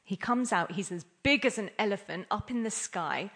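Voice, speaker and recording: A woman's voice: mid-range voice, lively intonation, normal speed, fairly bright tone, husky. A woman giving an interactive scripture class, playful and laughing often as she quizzes her listeners. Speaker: class speaker.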